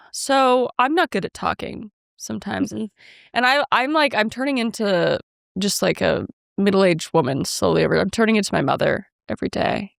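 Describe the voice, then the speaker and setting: Gravelly-voiced woman podcast co-host. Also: mid-range voice, normal speed, no room sound, studio quality. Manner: rambling storytelling, self-mocking, quoting herself and others. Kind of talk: casual chat.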